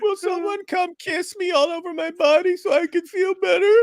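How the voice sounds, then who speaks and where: A man mockingly voicing a self-pitying, whining man begging for comfort, in a high wailing falsetto. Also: steady tone, normal speed, no room sound, clean studio sound. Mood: mock whining.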